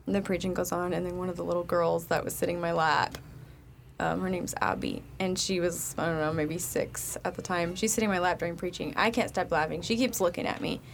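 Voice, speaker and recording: Animated woman telling a funny story. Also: fairly low pitch, fairly quick, vocal fry, slight background noise. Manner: animated, laughs often while telling stories. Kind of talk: casual storytelling chat.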